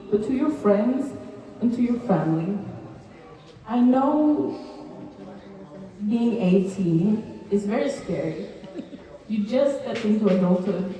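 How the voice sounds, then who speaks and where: At a party in a large, echoey hall, a young woman gives a nervous, tearful birthday toast for her cousin, laughing between words. Her voice is mid-range and dark, captured by a distant mic amid crowd noise.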